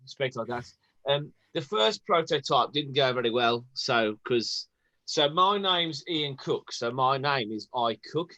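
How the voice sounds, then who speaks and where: A man's voice: medium pitch, animated, measured pace, sharp tone, no room sound, highs cut off. A man from Birmingham with a Birmingham accent, telling a self-mocking story in casual chat over a video call. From Birmingham, England. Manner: rambling, self-mocking, with many ums. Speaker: guest on a motoring chat show.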